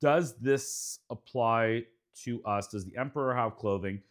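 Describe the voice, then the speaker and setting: A man hosting a casual podcast, jokey and animated, stretching out words for emphasis. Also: mid-range voice, measured pace. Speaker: podcast host.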